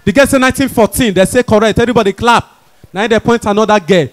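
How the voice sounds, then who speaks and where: A young man with a Nigerian accent doing stand-up comedy, telling stories in lively Pidgin and jumping his pitch to play the people in them. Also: quick pace. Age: young adult. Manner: lively storytelling, voicing characters in jumps of pitch.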